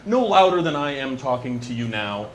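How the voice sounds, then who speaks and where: A man doing a stand-up comedy monologue into a handheld microphone in a small venue, wry and deadpan with quick asides. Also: medium pitch, slight background noise.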